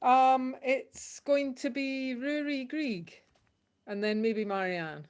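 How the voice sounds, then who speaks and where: Woman, folk-session host over video call; slow, easygoing, lots of fillers. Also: high voice. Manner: unhurried, with frequent ums. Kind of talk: casual hosting on a video call.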